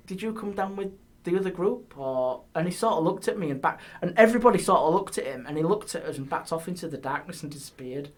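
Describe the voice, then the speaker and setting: Man telling ghost stories. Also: fairly high pitch. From England. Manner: animated ghost-story telling, hushed on eerie details. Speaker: guest, paranormal historian. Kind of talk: casual storytelling. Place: podcast studio.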